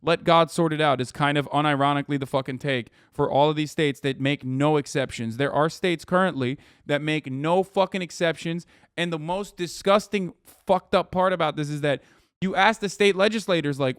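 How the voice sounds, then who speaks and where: A man's voice: on the high side, normal speed, clean tone, no echo, studio quality. A man in his thirties hosting a live stream, giving profane, ranting political commentary and breaking into angry outbursts. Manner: profane, ranting, shouts in bursts of anger. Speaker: livestream host.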